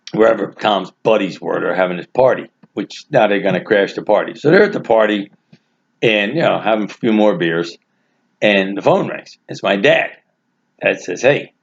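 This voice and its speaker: A man casually telling a family anecdote, animated and laughing through his own story. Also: lowish voice, vocal fry, slight background noise. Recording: dull lo-fi recording.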